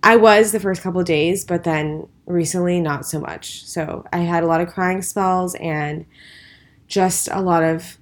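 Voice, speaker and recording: A woman's voice: on the low side, steady tone, unhurried. A tired, stressed woman co-hosting a casual podcast, talking in a rambling, hesitant way with lots of fillers. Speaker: podcast co-host. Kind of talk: casual chat.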